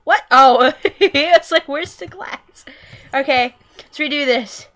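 A young woman talks through a game in a high, bright voice with slow, drawn-out phrasing. She is goofy and excitable, yelping and squealing at what happens on screen. Her pitch swings widely from line to line. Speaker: gameplay commentator. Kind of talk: let's play commentary.

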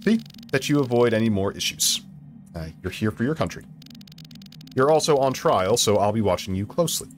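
A man reading out a stern, condescending intelligence agency chief from a video game, in a lower and quieter voice. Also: expressive, brisk, soft background music, close to an everyday voice.

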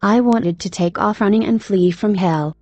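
A woman's voice: mid-range voice, normal speed, a little mellow, no room sound, soft background music. A woman narrating a religious testimony in earnest, exhorting tones.

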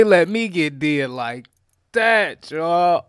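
A man streaming a crime roleplay game, talking in character to his viewers in heavy slang and frequent swearing, swinging between low grumbles and loud outbursts. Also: a little slow, pauses often, dry recording, studio quality. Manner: slangy, swears a lot, keeps calling out to viewers.

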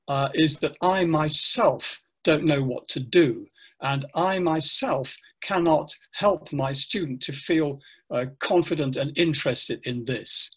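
An older man, a teacher trainer, speaking in an online interview with animated, hesitant explanations full of fillers. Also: fairly high pitch, slightly rough.

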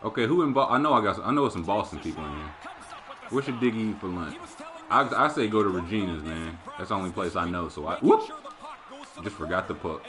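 A man's voice: low voice, expressive, a little fast. A man streaming a hockey video game, chatting casually and animatedly and swearing freely. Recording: video game arena crowd noise behind. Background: hockey game crowd and commentary.

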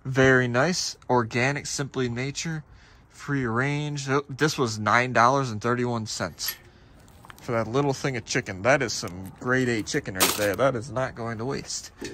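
A man vlogging as he sorts through a dumpster, talking casually to the camera in an excited voice that often drops to a half-whisper. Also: medium pitch, a little slow. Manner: animated, exclaiming often, breaks into laughs. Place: outdoors at a store dumpster. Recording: loud background noise and clattering.

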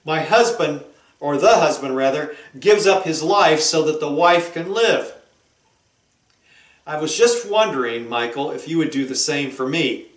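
A man's voice: fairly high pitch, a little slow, close to an everyday voice. A man voicing an insistent, exasperated young sitcom wife who keeps pleading with her husband. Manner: pleading, nagging. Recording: roomy echo.

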